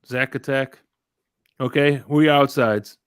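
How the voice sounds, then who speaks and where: A man's voice: medium pitch, steady tone, measured pace, smooth, no room sound. A man chats loosely on a sports podcast, rambling from story to story. He stops now and then to greet people watching. His voice sits mid-range and sounds dry and close to the mic. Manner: rambling, greets live chat viewers, tells stories with quoted voices. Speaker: podcast host. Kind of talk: casual sports podcast chat.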